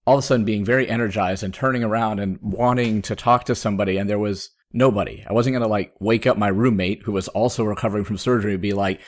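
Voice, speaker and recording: A man in his thirties, a podcast host, telling a personal story in casual chat, with sudden jumps up in pitch when he quotes himself. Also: fairly even intonation, fast talker, few pauses. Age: 30s.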